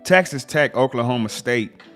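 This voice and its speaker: A man's voice: mid-range voice, animated, normal speed, fairly bright tone, faint music behind. A man hosting a sports livestream, reading game scores in a casual rundown and reacting to each result with slang asides.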